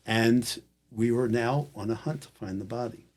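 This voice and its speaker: A male guest with a mid-range voice tells a long personal story at a normal speed in casual conversation. He's an animated storyteller, acting out the lines of the people in it.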